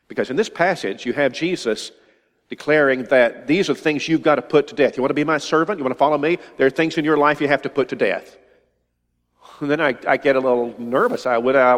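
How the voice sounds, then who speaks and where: A man's voice: medium pitch, fast. An older man preaching a sermon, emphatic and often repeating phrases for stress. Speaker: pastor. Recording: long hall reverb.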